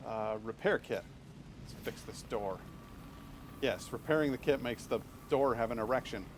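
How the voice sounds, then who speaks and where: A man's voice: mid-range voice, normal speed, noisy background. Rambling, swearing male game streamer. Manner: rambling and casual, swears often, many restarts. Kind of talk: live game stream commentary.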